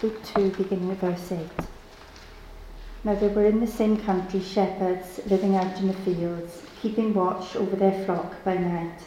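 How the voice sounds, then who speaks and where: A woman's voice: mid-range voice, measured pace, background noise. A woman reading a Bible passage aloud in a church service. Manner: steady, even reading. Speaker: Bible reader. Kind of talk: scripture reading. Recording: echoey church room with faint ambience.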